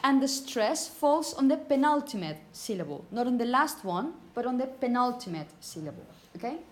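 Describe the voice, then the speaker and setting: A woman teaching phonetics to a class, repeating example words slowly and checking understanding with frequent "okay?". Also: on the high side, very animated. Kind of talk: classroom lecture.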